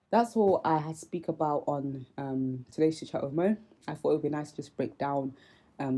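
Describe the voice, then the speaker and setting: A young woman vlog host with a Nigerian accent touched by British speech, talking to camera in an earnest, reflective way with many pauses and ums. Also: low-pitched, warm tone, low-quality recording. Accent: Nigerian with British influence. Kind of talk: casual commentary to camera.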